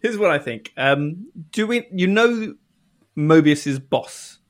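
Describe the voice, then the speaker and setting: An American man co-hosting a casual podcast chat, animated and joking. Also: on the high side, slow pace, a little hiss or hum. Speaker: podcast co-host.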